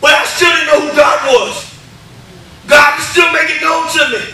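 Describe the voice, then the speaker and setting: A man giving an impassioned church testimony, stammering through repeated words and building up to shouts. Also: extremely high pitch, normal speed, vocal fry, heavy reverb, far from the mic, poor audio. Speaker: testimony speaker. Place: church hall.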